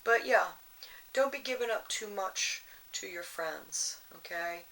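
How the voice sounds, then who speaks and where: A woman's voice: medium pitch, measured pace, pushed and bright, low-quality recording. A woman giving a casual astrology and tarot reading, rambling with lots of "you know" and restarts in a motherly, advice-giving way. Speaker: tarot reader.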